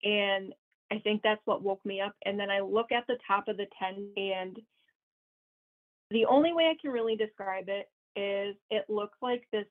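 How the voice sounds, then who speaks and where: A young woman from Wisconsin talks as a guest in a loose, chatty way, often laughing and leaning on fillers. Her voice sits at a middle pitch. It comes through a thin, tinny line that sounds like a phone call. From Wisconsin, USA. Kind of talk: casual storytelling.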